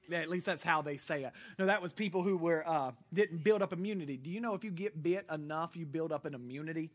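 The pastor's voice runs on the high side and has a sharp tone. Before his congregation at a church service, he quizzes the listeners and chuckles at the jokes he makes.

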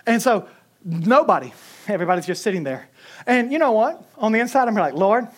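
A man preaching a sermon, telling a story with humor and quick chuckles. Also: high voice, big pitch swings. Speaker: pastor.

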